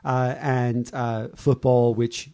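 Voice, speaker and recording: A man's voice: mid-range voice, little pitch movement, takes it slowly, mellow, smooth. Hesitant man hosting a podcast. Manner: hesitant, many fillers and restarts. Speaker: podcast host. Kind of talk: casual sports chat.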